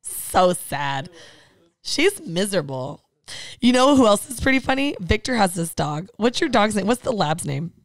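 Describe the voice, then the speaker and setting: A woman hosts a casual podcast chat, telling stories with lots of swearing. Her pitch swings widely as she jumps in and out of the voices she acts out. The sound is dry and close, with no room echo. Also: moderate pace. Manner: lively storytelling, acts out voices of dogs and people; swears freely. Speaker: podcast host.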